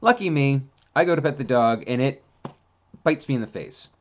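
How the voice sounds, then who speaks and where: A man hosting a casual monologue, telling rambling, animated stories with plenty of fillers. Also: mid-range voice, moderate pace, lo-fi sound. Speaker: host.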